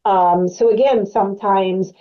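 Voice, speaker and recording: A woman's voice: medium pitch, fairly even intonation, a little slow, lo-fi sound. A woman presenting an educational webcast as a clinical specialist, explaining in a conversational way with frequent fillers.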